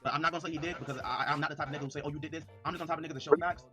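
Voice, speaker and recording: Excitable male streamer, high and quick, riffing to his chat over soft music. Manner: excitable, addresses chat directly, reads messages aloud. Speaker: livestreamer. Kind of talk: livestream commentary.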